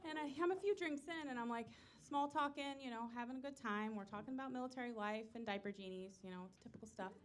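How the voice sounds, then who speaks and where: A woman's voice: on the high side, fast, hardly any pauses, some chatter behind, a little hiss or hum. A woman in her thirties telling self-deprecating stories in a stand-up comedy set. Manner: self-deprecating, animated storytelling. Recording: live room with audience laughter.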